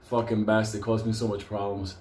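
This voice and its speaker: Brief: joking, swearing man host in a roomy space with faint noise, loose and rambling, mid-pitched. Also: little pitch movement, brisk, darkish tone. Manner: profane, laughs often, loose and joking. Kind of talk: casual rambling rant.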